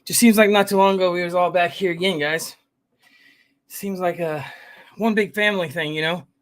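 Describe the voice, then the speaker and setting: Rambling, slightly high-voiced male streamer. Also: fairly even intonation, normal speed. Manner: rambling, greets viewers by name, keeps saying "guys" and "fam". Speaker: livestream host. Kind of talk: casual live chat, reading viewer comments.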